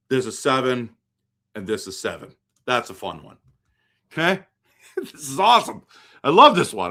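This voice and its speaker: A man from western Canada hosts a loose, chatty hockey live stream. He thinks out loud, second-guesses himself and replies to viewer comments. His voice sits at an ordinary, middle pitch. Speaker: hockey livestream host. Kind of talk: casual live-stream chat.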